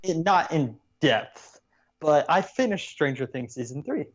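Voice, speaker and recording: A young man co-hosts a relaxed chat in a fairly high voice that swoops up and down a lot. He rambles and swears freely as he tells his opinions. The call audio sounds muffled and lo-fi. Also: unhurried. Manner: rambling, profane, animated storytelling. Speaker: podcast co-host. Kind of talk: casual chat.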